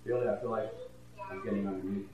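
An older man preaching a sermon, dropping to a hush and then rising loud, often stammering into repeats. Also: lowish voice, fairly even intonation, echoey room. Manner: swings between hushed and loud, halting repeats.

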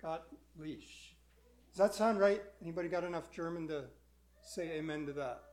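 A man's voice: a little high, fairly quick, darkish tone. A male pastor preaching a sermon in a conversational way, putting questions to the congregation.

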